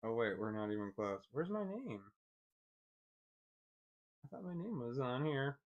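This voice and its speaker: A man's voice: mid-range voice, big pitch swings, unhurried, muffled recording. A man rambling and swearing as he fumbles with zooming a picture on his computer, thinking aloud to viewers. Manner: rambling, swears often, frustrated muttering. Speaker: vlogger. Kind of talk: casual screen-share commentary.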